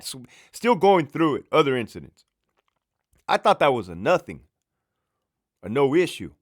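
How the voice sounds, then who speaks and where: A man, a former prison lieutenant, telling a work story in a casual, profane, animated way. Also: medium pitch.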